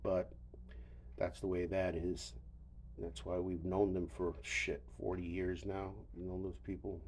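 A man's voice: low-pitched, completely flat delivery, a little slow, a little mellow, a little hiss or hum. An older man hosting a solo podcast, rambling wearily with profanity and stammered restarts, tired and yawning. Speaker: podcast host.

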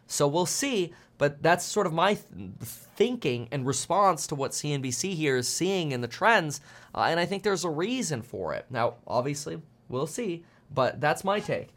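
A man's voice: a little high, sing-song, normal speed, a bit bright. A man in his thirties hosting a casual market commentary stream, chatty and jokey, with frequent fillers. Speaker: host.

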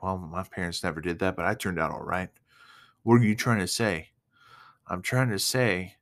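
A man's voice: deep voice, fairly bright tone. A young man giving a casual, earnest devotional talk to viewers, emotional at times and full of fillers. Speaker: Christian speaker.

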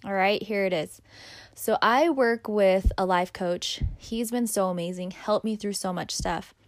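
A woman's voice: mid-range voice, a little slow, no echo, studio quality. A young woman hosting a podcast, talking candidly and casually about her own life, swearing freely. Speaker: podcast host. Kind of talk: casual personal monologue.

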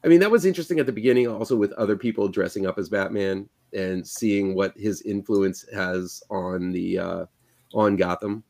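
Casting: gravelly man, lowish voice, hesitant podcast co-host. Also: steady tone, darkish tone. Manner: halting, many fillers and restarts. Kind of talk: casual movie review chat.

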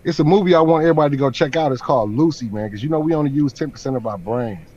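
Male YouTube host, rapid casual talker, mid pitch, prone to restarts, muffled lo-fi mic. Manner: fast, animated, restarts and repeats words. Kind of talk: casual chat.

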